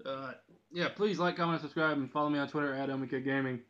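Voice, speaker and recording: A man's voice: mid-range voice, steady tone, fast, a bit bright. A young man from Dublin giving casual, joking gameplay commentary, swearing and laughing often. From Dublin, Ireland. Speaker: gaming channel host. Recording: dull lo-fi mic with faint noise.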